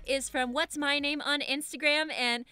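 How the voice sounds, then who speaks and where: A woman co-hosting a casual comedy podcast, giggly and playful, with a rambling, filler-heavy way of talking. Her voice is a bit high and very bright, with faint music under it. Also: steady tone, moderate pace. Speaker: podcast co-host.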